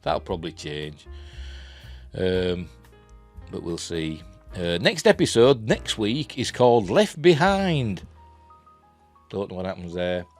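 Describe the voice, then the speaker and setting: Low-voiced Yorkshire man rambling through a review. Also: big pitch swings, slow pace, pauses often. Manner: rambling, chuckling, self-deprecating, many fillers. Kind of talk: casual spoken review. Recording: faint music in the background.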